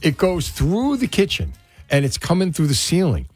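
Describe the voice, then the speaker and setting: A man hosting a casual morning radio show, his voice slightly husky and swinging widely in pitch as he tells a story and acts out quotes. Faint music plays underneath. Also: huge pitch swings, normal speed, dry recording.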